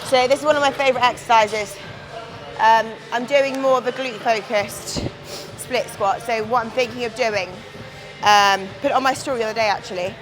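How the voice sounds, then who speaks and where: A woman's voice: a little high, steady tone, brisk, rough recording. Chatty woman coaching in a gym. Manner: chatty, candid, swears casually. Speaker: bodybuilding competitor. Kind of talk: casual gym vlog talk. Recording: music playing behind.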